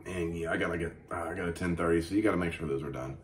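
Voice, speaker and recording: A man hosting a comedy show, ranting crudely and profanely with mock outrage and animated storytelling. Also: low voice, rapid-fire, slight background noise. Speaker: comedy podcast host. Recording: echoey room.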